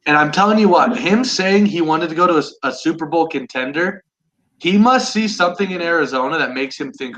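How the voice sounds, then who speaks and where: A young man hosting a casual sports chat with friends, eager and quick to restart his sentences. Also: on the high side, a bit bright, poor audio. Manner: enthusiastic, restarts often. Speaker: sports podcast host. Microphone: online call.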